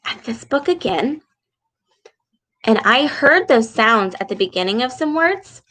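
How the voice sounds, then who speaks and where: A woman reading a storybook aloud to young children and teaching a speech sound, talking in a slow, exaggerated, encouraging way. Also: medium pitch, bright, forceful tone.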